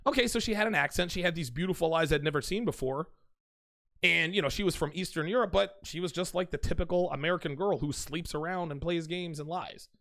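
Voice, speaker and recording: A man's voice: a little high, a little fast, creaky, fairly bright tone, no echo. A man hosting a dating-advice channel, talking bluntly and casually to his viewers and calling them guys and dude. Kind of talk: casual straight-to-camera monologue.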